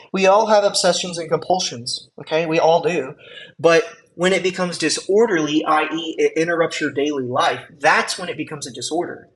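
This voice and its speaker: A man's voice: fairly high pitch, a bit bright, poor audio. A man teaching an EMT class, talking casually with lots of fillers and check-in questions. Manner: conversational, with frequent fillers and check-ins. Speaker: EMT instructor. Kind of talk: classroom lecture.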